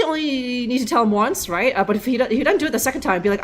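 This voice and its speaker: Chatty, animated young woman streamer. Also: a little high, rapid-fire, few pauses. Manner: rambling, joking, filler-heavy. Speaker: livestream gamer. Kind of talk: casual live gameplay commentary.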